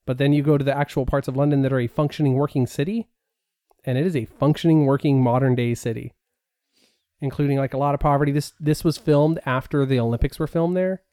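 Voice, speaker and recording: A man's voice: mid-range voice, fairly even intonation, quick pace, dark tone, no echo, clean studio sound. A man co-hosting a podcast, talking casually with many fillers and restarts. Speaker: podcast co-host. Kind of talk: casual chat.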